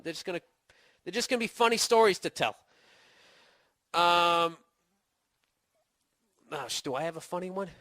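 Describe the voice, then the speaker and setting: A man with a somewhat high, bright and forceful voice riffs as a podcast host. He swears constantly and trades in sarcastic mock insults. The sound is close and dry with no room in it. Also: no echo. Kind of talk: casual comedic rant.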